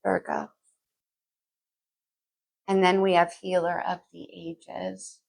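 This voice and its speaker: Husky-voiced woman doing a chatty tarot reading. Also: on the low side, flat delivery, takes it slowly, poor audio. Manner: chatty, thinks aloud, sings lyrics softly. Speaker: tarot reader.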